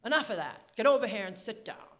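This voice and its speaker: A commanding older New England woman with a clipped Hepburn-style accent, frank and unbothered, done by a woman telling a story. Her voice climbs and swoops, loud and clipped. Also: on the high side, lively intonation, fast. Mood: impatient. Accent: New England, Katharine Hepburn style.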